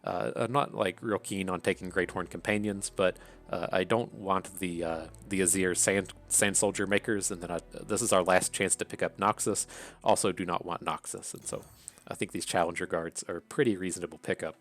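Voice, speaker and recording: A man's voice: sits low, steady tone, normal speed, a bit bright. A man with an Appalachian accent casually thinking aloud through card draft picks, with many fillers and restarts. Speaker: card game content creator.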